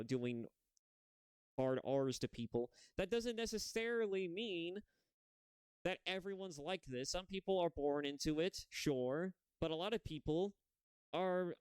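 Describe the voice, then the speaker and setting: A man's voice: fairly high pitch, clean tone, no room sound. A man hosting a reaction video, talking in a rambling way full of restarts and self-corrections. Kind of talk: casual video commentary.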